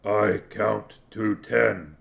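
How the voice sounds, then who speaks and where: A man doing Detritus, a slow gravelly troll. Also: lowish voice, fairly bright tone, exaggerated voice. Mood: stern. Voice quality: slow, heavy, broken grammar. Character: slow, dim but stubborn male troll watchman.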